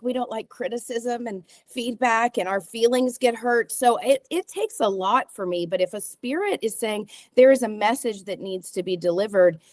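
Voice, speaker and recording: A woman's voice: mid-range voice, dry recording, clean studio sound. A woman guest on a talk show, telling a personal story with feeling and acting out the dialogue she quotes. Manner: expressive, acts out quoted dialogue, frequent restarts. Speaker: psychic medium guest.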